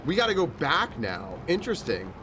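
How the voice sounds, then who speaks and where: A man's voice: on the high side, wildly swooping pitch, moderate pace, pushed and bright, a little hiss or hum. A man streaming a video game from home, chatting casually and telling stories, rambling, swearing freely and laughing often. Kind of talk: casual gameplay chat with storytelling.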